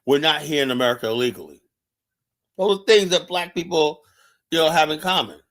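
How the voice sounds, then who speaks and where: A man's voice: a little high, fairly quick, a bit bright. Combative, profane male livestream host. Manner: combative, profane, repeats phrases; challenges viewers directly. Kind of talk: heated political commentary monologue.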